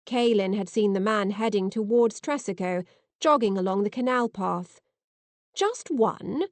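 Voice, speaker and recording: A woman narrating an audiobook in first person with lively, expressive reading, on a close mic. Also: medium pitch, moderate pace, no echo.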